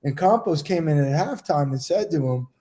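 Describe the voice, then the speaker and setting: A middle-aged man co-hosting a casual round-table podcast, telling relaxed anecdotes. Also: on the high side, moderate pace. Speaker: podcast co-host, former goalkeeper.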